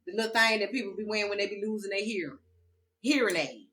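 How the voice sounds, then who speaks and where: A woman's voice: medium pitch, quick pace, pushed and bright, slight background noise. A woman telling a personal story in a casual, emphatic vlog and addressing viewers as y'all. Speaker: vlogger.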